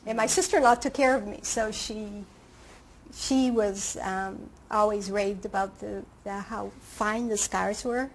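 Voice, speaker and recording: A woman in her late fifties, a surgery patient, talking casually in an interview with halting restarts. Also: mid-range voice, fairly even intonation, a little hiss or hum, rough recording. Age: late 50s. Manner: conversational, hesitant restarts and fillers.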